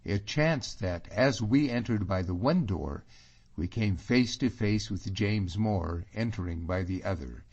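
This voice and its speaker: A man narrates an audiobook in a low voice and an unhurried, measured way. The recording sounds dull and lo-fi. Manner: even, measured storytelling.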